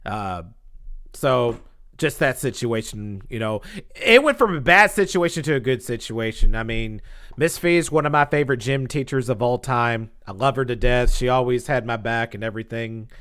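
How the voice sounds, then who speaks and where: A man's voice: medium pitch, moderate pace. A man telling a casual story on his vlog in a dramatic way, full of slang and sound effects. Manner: animated, dramatic, acts out scenes and sound effects; casual slangy speech with lots of fillers. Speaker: storytelling vlogger.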